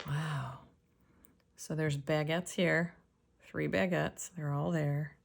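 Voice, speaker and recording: A woman casually narrating a jewelry unboxing, soft-spoken and sometimes dropping to a whisper as she examines pieces. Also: deep voice, level tone, takes it slowly, gravelly. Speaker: jewelry reseller.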